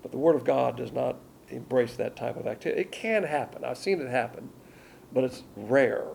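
A man with a heavily gravelly, mellow, medium-pitched voice gives a verse-by-verse Bible lecture at a moderate pace. Blunt and prone to side topics, he reads scripture louder than his asides. Faint room ambience and a little hiss or hum sit behind him.

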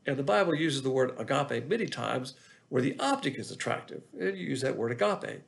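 A man, teaching the Bible in a measured sermon and often repeating his phrases. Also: mid-range voice, animated, creaky. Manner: measured, repetitive teaching delivery.

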